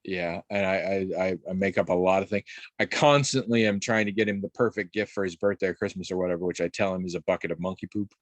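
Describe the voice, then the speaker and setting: Rambling, animated male podcast storyteller. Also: deep voice, fast talker, dry recording. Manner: animated, rambling storyteller with frequent restarts and swearing. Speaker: podcast co-host. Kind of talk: casual chat.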